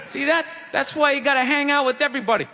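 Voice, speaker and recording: A man's voice: extremely high pitch, fast talker. A man doing a stand-up comedy set on a theater stage, ranting in a profane, exasperated way. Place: theater stage before a live audience. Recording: live theater recording with crowd noise and reverb.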